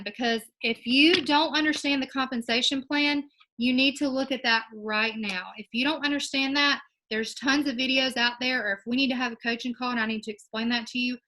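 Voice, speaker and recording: A woman's voice: a little high, sharp tone, poor audio. A young woman giving her sales team a casual, encouraging coaching talk, with plenty of ums along the way. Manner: upbeat and encouraging, with many ums. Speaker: direct sales team leader.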